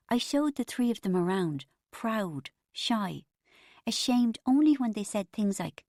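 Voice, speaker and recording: A woman narrating an audiobook in the first person, wry and expressive. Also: mid-range voice, a little slow, no echo, clean studio sound.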